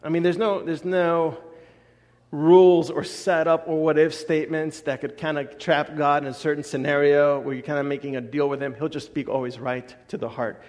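A man in his thirties preaching a sermon, telling stories with lively acted-out quotes. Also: fairly high pitch, in a large hall. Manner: animated storytelling, acts out quotes. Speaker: pastor.

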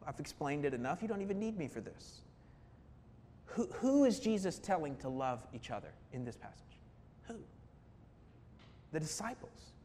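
A man preaches with earnest conviction, stacking repeated phrases and asking questions of his listeners. His voice sits slightly high. It rings out across a church sanctuary with a long reverb, over a faint low rumble. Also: big pitch swings, moderate pace, pauses often, mellow. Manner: earnest, building emphasis with repetition and rhetorical questions. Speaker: pastor. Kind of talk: sermon.

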